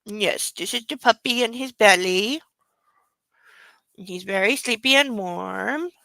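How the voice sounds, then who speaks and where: A woman's voice: medium pitch, slow pace, vocal fry, pushed and bright, no room sound, low-quality recording. A woman hosting a casual late-night livestream from home, cooing baby talk to her dog and swearing freely. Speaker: livestream host.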